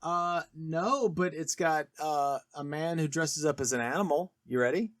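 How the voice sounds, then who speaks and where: In clean studio sound with no echo, a male podcast co-host with a slightly high voice and a measured pace talks casually about a film. He's chatty and animated, eagerly piling on trivia as he retells it.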